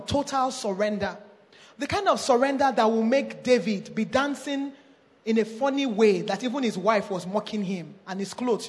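A woman preaching a sermon, reading scripture aloud with small stumbles and slowing down to stress her points. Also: mid-range voice, a little mellow. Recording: long reverb of a large hall.

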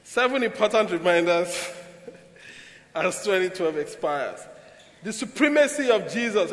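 Animated preacher with a bright, high voice. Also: male voice, unhurried. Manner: animated storytelling with sudden loud bursts. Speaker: pastor. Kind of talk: sermon. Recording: echoey hall with long reverb.

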